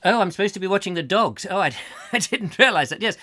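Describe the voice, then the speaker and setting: Give me a man chatting away, silly and rambling, bright tone. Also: sits high, lively intonation, fast talker. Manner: rambling, silly, breaks into songs and voices. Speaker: host. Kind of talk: casual chat reading comments.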